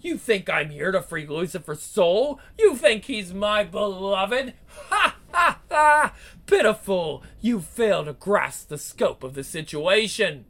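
A woman voicing a cruel, seductive vampire queen in a comic book read-aloud, with slow, taunting, theatrical delivery and growls. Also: mid-range voice, lively intonation. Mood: gloating.

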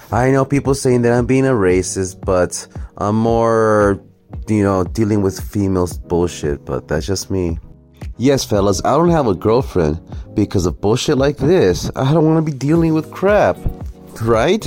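A man's voice: fairly low pitch, a little mellow. A man ranting sarcastically and profanely through a reaction commentary video. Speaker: commentary vlogger.

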